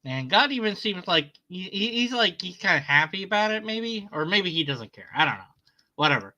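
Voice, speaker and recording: A man's voice: high voice, big pitch swings, moderate pace, pushed and bright, poor audio. A man sarcastically retelling a story in casual commentary, mocking the people in it.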